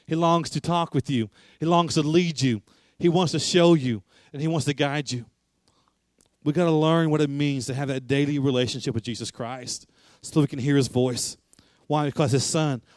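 A man's voice: on the high side, moderate pace, darkish tone, dry recording. A man preaching a sermon, emphatic and repetitive, asking rhetorical questions.

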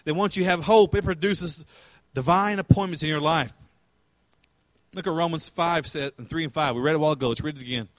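A man's voice: a little high, brisk, no room sound. A male pastor preaching a sermon in a conversational way, asking questions and retelling scripture in everyday words.

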